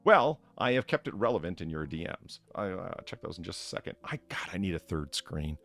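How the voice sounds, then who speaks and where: A man hosting a casual live stream, chatting with guests and thanking viewers in a rambling, animated way. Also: sits low, a little fast. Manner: rambling, animated, many restarts. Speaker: streamer host playing bartender.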